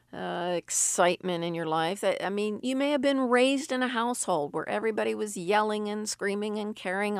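Earnest woman giving a bible talk, slow n steady, pretty dry sound. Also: medium pitch, no echo. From Sicily. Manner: slow, earnest, reads scripture aloud. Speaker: Christian speaker. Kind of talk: devotional teaching.

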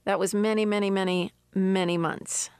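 A woman's voice: medium pitch, fairly even intonation, normal speed, a little mellow, clear, resonant tone, dry recording, studio quality. An older woman with an earnest, emphatic manner, reading scripture and giving a personal devotional testimony. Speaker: devotional speaker.

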